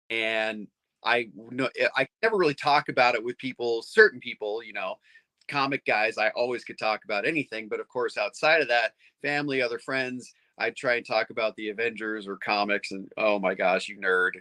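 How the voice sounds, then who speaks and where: A middle-aged man chatting casually as a comics fan, rambling and excited, with lots of restarts. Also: medium pitch, no echo. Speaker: comics fan on a panel show. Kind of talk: casual chat.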